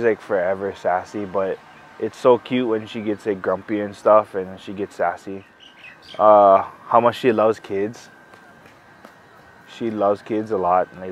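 A young man telling the story of his engagement in a casual interview, halting with many fillers and sincere. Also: lowish voice, muffled recording, a little hiss or hum. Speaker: groom-to-be interviewed for an engagement video.

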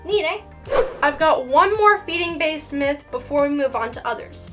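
A young woman hosting an educational video, explaining things in a lively, playful and sarcastic way with dramatic emphasis. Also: sits high, normal speed, music in the background. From Canada. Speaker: reptile educator and channel host.

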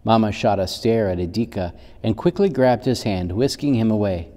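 Male pastor, children's sermon storyteller, low mellow voice, reverberant church hall. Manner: gentle, unhurried storytelling.

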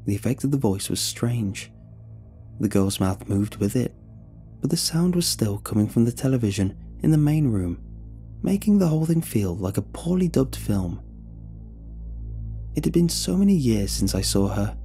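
A man narrating a horror story in a measured, dramatic way. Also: medium pitch, very animated, mellow, soft background music.

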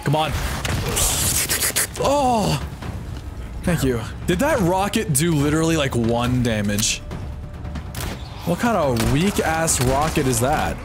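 A man streaming a horror game live, reacting in a goofy, excitable way and often yelping up high. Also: a little slow. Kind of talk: live gameplay commentary. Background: game music.

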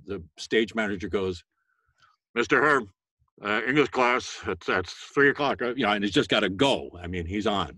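A voice actor talking casually to a school class, chatty and self-deprecating, with many fillers and bursts of a loud sales voice. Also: male voice, on the low side, breathy edge, dry recording. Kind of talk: casual interview talk.

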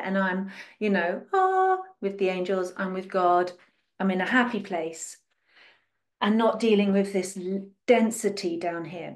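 A woman delivering a spiritual teaching talk at a mid pitch. She piles up rhetorical questions and plays out the worries of the people she describes. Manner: dramatizes and acts out other people's voices.

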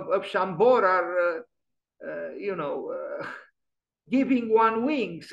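High-voiced man giving an architecture lecture. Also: dull audio. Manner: musing, emphatic, with many restarts and fillers. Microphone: video call.

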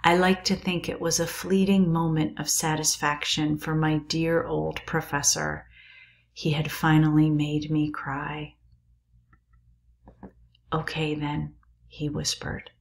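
A woman reading a novel aloud in a calm, measured, quiet way. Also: low voice, gravelly.

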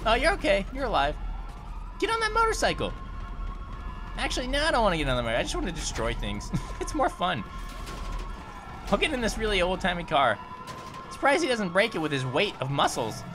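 Woman gaming host, playful and giggly, lively swooping voice, game music under her. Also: mid-range voice, a little fast, pauses often. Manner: giggly, playful, often shouting. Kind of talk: let's play commentary.

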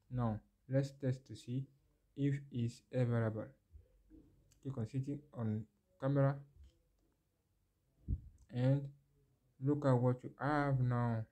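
A phone tech how-to is narrated over a screen recording by a man whose mid-range voice has a dark tone. He talks the viewer through the process, asks them questions directly, repeats phrases often, and exclaims at the results.

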